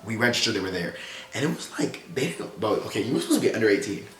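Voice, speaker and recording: A man's voice: on the low side, expressive, racing. A young man casually retelling a story in slangy, profane language, acting out the quotes as he goes. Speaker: storytelling vlogger. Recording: roomy echo, faint music behind.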